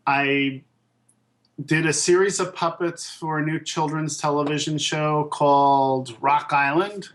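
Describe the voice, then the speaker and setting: Animated man telling a story. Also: fairly high pitch. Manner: animated storyteller who acts out quoted voices. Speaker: puppet and toy designer being interviewed. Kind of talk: casual anecdote telling.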